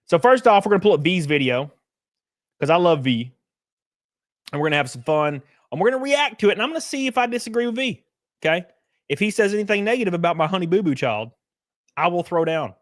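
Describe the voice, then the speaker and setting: Man, middle-aged, loud joking streamer, headset mic, dry sound. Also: high voice, expressive, fast, long pauses, no room sound. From Alabama. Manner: loud, joking, reads chat. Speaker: streamer host. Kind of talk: casual livestream commentary.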